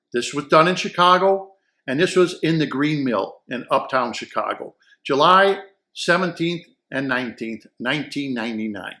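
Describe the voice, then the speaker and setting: With a medium-pitched, sharp-toned voice, a man chats through an enthusiastic audio gear review, looping back over words as he searches for what he means to say.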